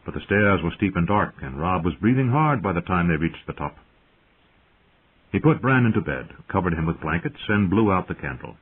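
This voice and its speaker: A man narrating an audiobook in a steady, dramatic storytelling manner, heard through a narrow, phone-like sound. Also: sits low, normal speed, slight background noise. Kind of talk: scripted narration.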